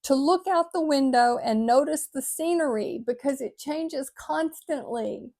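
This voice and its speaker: An older woman with a soft lilt speaks in a gentle, heartfelt way, reading and reflecting on an inspirational piece for her viewers. Her voice sits high and light for a woman her age. She sounds sincere and unhurried. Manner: gentle, heartfelt, sometimes choked up. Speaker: vlogger.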